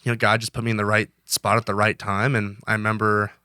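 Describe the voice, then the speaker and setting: Twenties male interview guest, bright and brisk delivery, earnest and rambling. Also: lowish voice, little pitch movement, clear, resonant tone, no room sound, clean studio sound. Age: 20s. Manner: earnest, rambling with many restarts. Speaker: guest, college wrestler. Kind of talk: casual interview talk.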